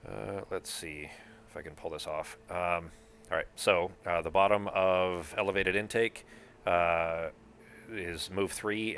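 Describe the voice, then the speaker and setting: Deep-voiced man running a board game. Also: a bit bright, slight background noise. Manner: thinks aloud, counts moves, swears casually. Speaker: game master.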